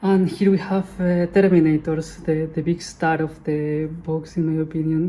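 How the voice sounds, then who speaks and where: A woman's voice: sits low, flat delivery, moderate pace, few pauses, mellow. A woman hosting her channel, giving casual unboxing commentary in a chatty way and often correcting herself. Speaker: channel host.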